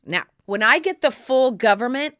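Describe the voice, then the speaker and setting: A woman podcast host from Texas, telling stories in a sassy, animated casual chat. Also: a little high, moderate pace. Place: studio or home set, shooting video.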